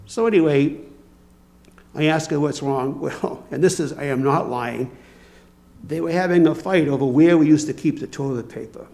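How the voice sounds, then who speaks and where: A man's voice: on the high side, animated, normal speed, creaky, dark tone. An older man giving a conversational, storytelling talk at a church service, acting out bits of dialogue. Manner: folksy, anecdotal, acts out dialogue. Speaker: lay speaker at a church service.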